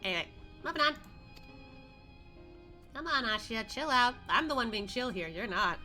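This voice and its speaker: Young woman streamer, lively pitch, giggly casual chat. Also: normal speed, faint music behind. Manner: giggly, animated reactions.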